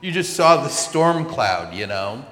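A man, a pastor, telling a personal story in a sermon with chatty, animated asides. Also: medium pitch, unhurried. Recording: echoey hall with long reverb.

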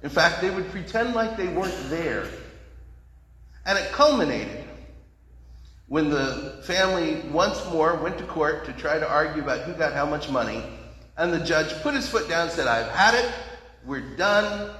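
A male pastor preaching in a folksy, conversational storytelling style. His voice sits a little high for a man. The sound carries the long ringing reverb of a large hall. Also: animated, moderate pace, fairly bright tone. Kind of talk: storytelling sermon.

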